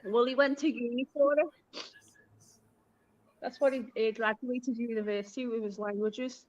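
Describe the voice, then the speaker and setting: Her voice sits a little high and sounds darkish, with fairly even intonation and a moderate pace. She's a Liverpool woman with the local accent, chatting on a live stream and spinning stories, performing quoted lines as she goes, all captured in dull, lo-fi stream audio.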